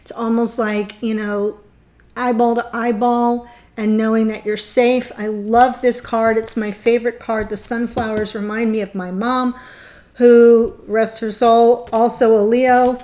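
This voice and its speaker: A woman giving a gushing, excitable tarot reading, choked up and near tears. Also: on the high side, measured pace. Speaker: tarot reader.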